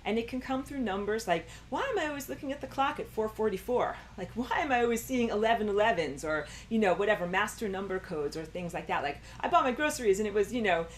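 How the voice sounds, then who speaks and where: A woman's voice: mid-range voice, expressive, quick pace, hardly any pauses, a little hiss or hum. A woman teaching a recorded online lecture, rambling with many fillers and jumping into a raised voice when she acts out quoted thoughts. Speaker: spiritual teacher.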